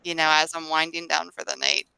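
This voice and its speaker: A woman's voice: low voice, steady tone, brisk, vocal fry, pushed and bright. A woman co-hosting a podcast over a remote call, chatting casually and rambling with frequent laughs. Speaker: podcast co-host and online reseller. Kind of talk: casual chat.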